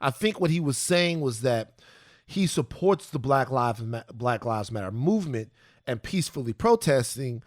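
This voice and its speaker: A man co-hosting a podcast, talking in a casual, animated, playful way. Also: mid-range voice, normal speed, dry recording, clean studio sound. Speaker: podcast co-host.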